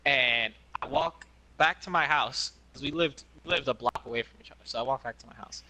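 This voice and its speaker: A man's voice: medium pitch, a little fast, bright, forceful tone. A young man co-hosting a podcast, rambling through a childhood story in casual chat. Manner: rambling, many restarts and fillers. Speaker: podcast co-host.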